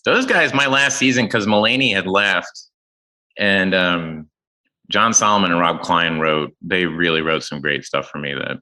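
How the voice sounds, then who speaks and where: A man's voice: sits low, expressive, moderate pace, bright, forceful tone, rough recording. A man in his forties telling rambling, stop-start stories in a casual chat. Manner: rambling storytelling with restarts. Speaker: guest comedian.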